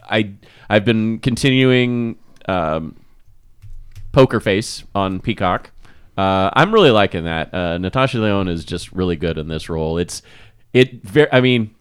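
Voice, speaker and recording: A man co-hosting a podcast, chatting casually in a relaxed, rambling way with fillers and restarts. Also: mid-range voice, clear, resonant tone, dry recording, clean studio sound. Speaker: podcast co-host. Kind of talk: casual chat.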